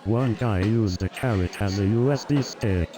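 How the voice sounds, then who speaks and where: A man's voice: lowish voice, normal speed, heavy background noise. A synthetic man's voice telling a stand-up comedy routine, rattling off one-liners with chuckles. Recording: loud crowd and music behind.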